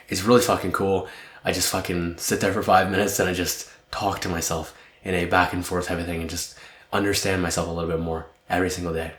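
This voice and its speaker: A young man with a low voice talks through his week in a loose, candid monologue, dropping swear words and wandering between thoughts. He sounds tired and underslept. The room around him is echoey. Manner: candid, swears often, rambling. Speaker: podcast host. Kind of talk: casual reflective monologue.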